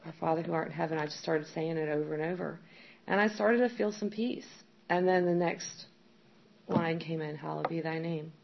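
Gravelly low-voiced woman giving candid testimony. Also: moderate pace. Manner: candid, rambling with frequent "like" and "um". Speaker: speaker sharing her recovery story. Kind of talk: personal testimony. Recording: dull lo-fi sound with faint background noise.

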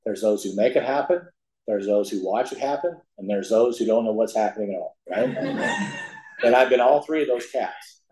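A man's voice: fairly low pitch, huge pitch swings, moderate pace, darkish tone. A middle-aged man from the Ozark Mountains telling his recovery story to a group, joking and laughing at his own lines. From Ozark Mountains, USA. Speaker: speaker at a recovery meeting. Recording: echoey meeting room.

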